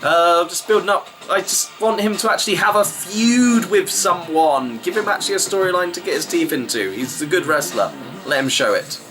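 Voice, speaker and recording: A man's voice: high-pitched, animated, normal speed, few pauses, music in the background, low-quality recording. A man giving a chatty, wry running review of a wrestling show, rambling with fillers. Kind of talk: casual vlog review.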